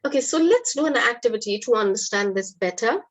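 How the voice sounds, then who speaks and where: Speaking fairly quickly with lively intonation and a higher pitch, this woman teaches a live online English class. The recording is rough; her explanations are patient and encouraging.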